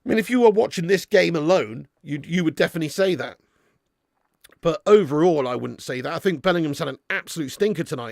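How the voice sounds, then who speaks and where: A man hosting a live football watch-along, commentating excitedly and chatting casually with viewers in the comments. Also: on the high side, fast, vocal fry, no echo, studio quality. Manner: excitable, jumps up at big moments. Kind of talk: live match commentary reading chat.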